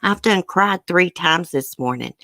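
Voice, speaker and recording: A low-pitched woman chats casually on her live stream, greeting viewers by name. Her talk is soft-hearted and emotional. The sound is dry and close, with no room in it. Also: animated, a little slow, no echo. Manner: chatty, greets viewers by name, says y'all.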